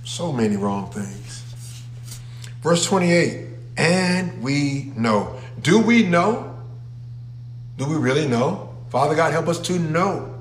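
A man's voice: a little high, very animated, slow, long pauses, a little hiss or hum. Emphatic male preacher in an echoey church. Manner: emphatic, calls out to the congregation. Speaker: pastor. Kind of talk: sermon. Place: church sanctuary with a congregation. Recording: echoey room.

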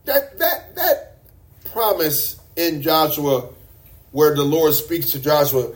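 A man's voice: a little high, animated, takes it slowly. A man preaching a sermon to a congregation in a church, emphatic and repeating words for stress.

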